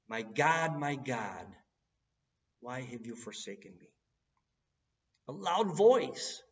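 Male preacher, unhurried earnest sermon delivery, recorded from a distance with a dull sound. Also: mid-range voice, very animated. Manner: earnest, building to cries at key moments.

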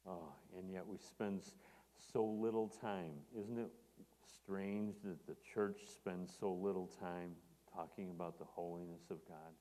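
Deep-voiced preacher in a reverberant hall. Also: male voice, steady tone, unhurried, warm tone. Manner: earnest, rising to emphatic on scripture quotes. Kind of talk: sermon.

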